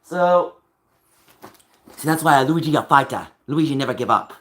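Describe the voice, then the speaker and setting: Man, streamer, emotional rant, agitated, mid-pitched voice, muttering then raised. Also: expressive, normal speed, fairly bright tone.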